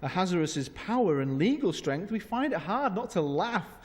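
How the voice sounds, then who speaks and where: A man's voice: high-pitched, big pitch swings, moderate pace, a little mellow. A man preaching a sermon in a church, humorous and sarcastic. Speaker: pastor. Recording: long church reverb.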